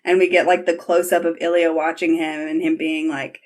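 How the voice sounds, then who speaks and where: A woman hosting a casual podcast chat, retelling scenes with lively acted-out quotes and reading book passages aloud. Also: on the low side, a little fast. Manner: animated, acts out characters' lines in quotes. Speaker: podcast host.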